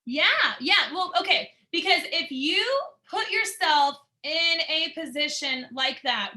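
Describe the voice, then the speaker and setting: A young adult woman teaches a martial arts class in an upbeat, encouraging way. Her voice sits high and sounds bright and forward. She keeps asking her students questions as she talks.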